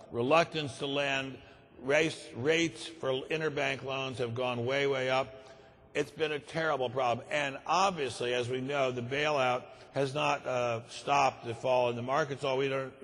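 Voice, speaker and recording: A man's voice: medium pitch, fairly bright tone, long reverb tail. An older man giving a conference speech in a grave, emphatic way, repeating words for stress. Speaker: conference speaker. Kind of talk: keynote speech. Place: large conference hall.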